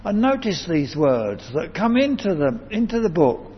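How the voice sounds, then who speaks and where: A man's voice: high voice, very animated, measured pace, slight background noise. A man preaching a sermon in a church, earnest and emphatic, lifting his voice to stress key words. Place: church building. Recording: dull lo-fi church sound with long reverb.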